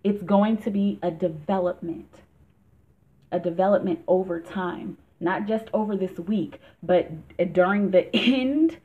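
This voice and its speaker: A woman's voice: medium pitch, a little slow. A woman giving a casual tarot reading for a vlog, chatty and emphatic, laughing often. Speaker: tarot reader. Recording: tinny phone-like sound.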